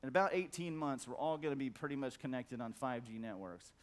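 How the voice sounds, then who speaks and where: A middle-aged man giving a profane conference talk, blunt and emphatic, stacking repeated words for effect. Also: fairly quick. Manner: acts out quoted voices in a loud high squawk. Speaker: conference speaker. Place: conference hall.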